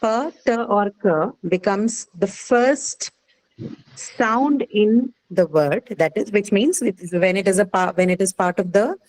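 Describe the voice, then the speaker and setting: A woman's voice: mid-range voice, measured pace, darkish tone, low-quality recording. A woman with an Indian English accent teaching phonetics in a classroom lecture, explaining step by step and checking understanding with frequent questions.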